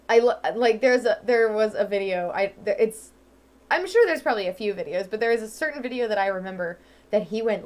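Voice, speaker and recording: Young midwestern woman, let's-play host, rambling casual chat, lots of ums, slightly high voice. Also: darkish tone. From Ohio, USA. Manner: chatty, rambling, lots of "um" and "like", laughs easily. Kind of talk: casual chat over gameplay.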